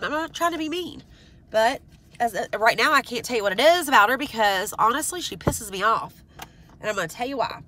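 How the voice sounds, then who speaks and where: A woman's voice: fairly high pitch, pushed and bright, slight background noise. Congested woman venting in a rambling rant. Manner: rambling, frank, many fillers and restarts; exasperated, pleading. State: stuffed up, congested. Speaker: vlogger. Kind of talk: casual rant to camera.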